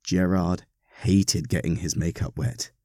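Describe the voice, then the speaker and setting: A man reading a story aloud, narrating in an expressive, wry manner. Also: low voice, a little slow, dry recording, studio quality.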